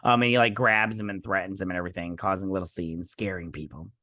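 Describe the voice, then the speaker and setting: A man's voice: low voice, fairly even intonation, fast talker, bright, forceful tone, dry recording, clean studio sound. A man in his younger adult years chatting casually as a show host, recapping an episode in a rambling way that slips into quoted lines.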